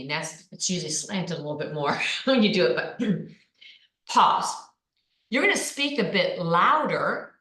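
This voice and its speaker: A woman coaches presenters in an energetic, emphatic way, leaning hard on her keywords. Her voice sits a little low for a woman. The sound is roomy, with a clear echo around her. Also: unhurried. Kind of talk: online presenting lesson. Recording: echoey room.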